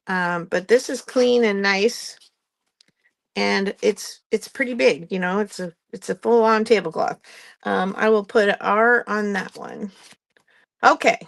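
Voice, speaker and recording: A woman's voice: mid-range voice, creaky, fairly bright tone. A woman hosting a live craft-supply sale, chatting casually with ums and frequent laughs. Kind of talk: live-stream sales chat.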